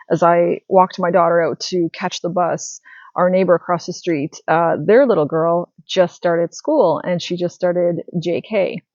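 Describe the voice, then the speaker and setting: A woman's voice: lowish voice, darkish tone, no echo, muffled recording. A woman in her thirties talking casually to camera as a spiritual wellness creator, chatty and rambling with many fillers and restarts.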